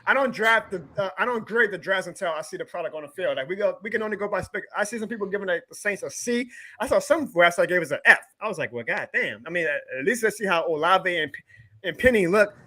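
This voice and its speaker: A man hosts a live sports stream, his voice high and bright. He rants hard, swears freely and breaks into laughs between points. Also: lively intonation, quick pace. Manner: fired-up ranting, profane, laughs often. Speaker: podcast host.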